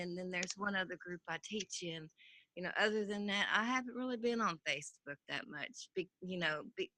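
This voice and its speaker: A woman on a casual group call, speaking hesitantly with halting restarts. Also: mid-range voice, pushed and bright, low-quality recording.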